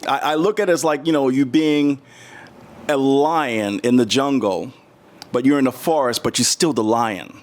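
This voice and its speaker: A man's voice: medium pitch, normal speed. A middle-aged man from the United States, a guest in a casual interview, telling stories with lots of restarts and acting out the voices of the people in them. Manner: animated, acts out quoted voices, many restarts.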